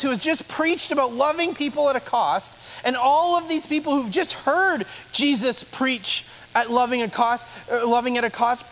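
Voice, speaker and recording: A man's voice: extremely high pitch, fairly bright tone, a little hiss or hum, rough recording. Man preaching a conversational sermon. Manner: conversational preaching with rhetorical questions. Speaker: pastor.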